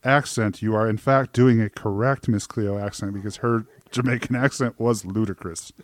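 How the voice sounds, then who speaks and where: A man's voice: on the low side, fairly even intonation, moderate pace, dry recording. Jokey man riffing, dry sound. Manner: jokey, riffing, heavy on fillers like "like" and "um". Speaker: podcast co-host. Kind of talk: casual movie review chat.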